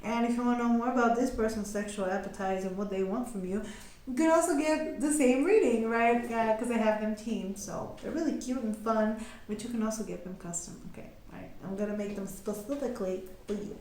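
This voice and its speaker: Young woman, tarot reader, casual chat, giggly, slightly high voice, very echoey room. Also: brisk, a little mellow. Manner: giggly, chatty, acts out quoted voices. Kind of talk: casual chatty tarot reading.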